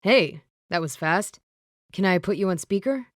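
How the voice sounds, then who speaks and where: A woman's voice: fairly low pitch, expressive, normal speed, no room sound, clean studio sound, close to an everyday voice. A woman voicing a polite, earnest young man in an audiobook.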